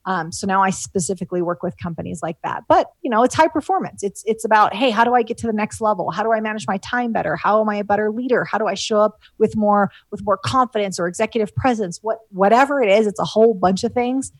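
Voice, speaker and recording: A woman's voice: medium pitch, fast, few pauses, no room sound. A woman business coach telling personal stories in an interview, with many fillers and restarts, moved at times. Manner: warm storytelling, frequent fillers, gets emotional. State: tearful at times. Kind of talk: conversational interview.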